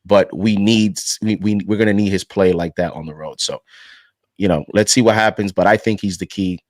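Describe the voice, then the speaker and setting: A man with a lowish voice talks through his views in a relaxed, measured way, with plenty of "you know" in between. His voice is close and dry, with no room sound. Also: no echo. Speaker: podcast panelist. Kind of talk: casual sports discussion.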